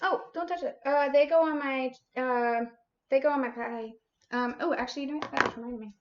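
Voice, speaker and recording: A woman's voice: high-pitched, brisk, muffled recording, background noise. A woman hosting a baking livestream, chatting casually with sassy, playful teasing and casual swearing. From United States. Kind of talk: casual chat while baking.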